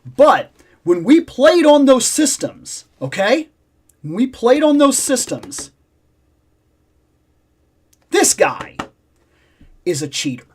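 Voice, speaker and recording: Animated man with a lively, swinging voice. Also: slow, pauses often, slightly rough. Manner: animated storyteller, swings between loud exclamations and low asides. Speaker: host. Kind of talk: casual nostalgic chat.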